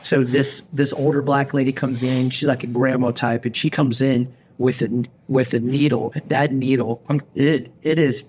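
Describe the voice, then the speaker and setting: Speaking at a moderate pace with hardly any pauses, this mid-range male voice belongs to a podcast host telling a lengthy story in relaxed chat. He animatedly acts out his own quoted lines, and faint background noise can be heard.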